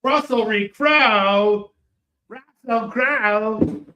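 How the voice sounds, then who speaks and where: A man doing a put-on Australian accent as a loud, brash movie tough guy, shouting and drawing out his words. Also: extremely high pitch, far from the mic, highs cut off, voice pushed up, full character voice. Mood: rowdy shouting. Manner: drawn-out shouting. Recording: roomy echo.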